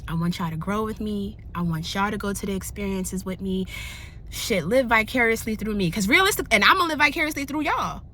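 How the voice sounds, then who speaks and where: Bright, candid young woman vlogging. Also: mid-range voice, a little fast, a little hiss or hum. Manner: candid, animated, slangy, laughing often. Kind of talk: casual chat to camera.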